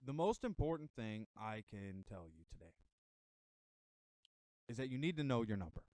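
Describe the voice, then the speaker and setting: A man's voice: medium pitch, very animated, moderate pace, warm tone, no room sound. American guy preaching motivation, voice swings up and down a lot, dry close sound. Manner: preachy, emphatic, rambling. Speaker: vlogger giving motivational talk. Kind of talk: casual motivational monologue.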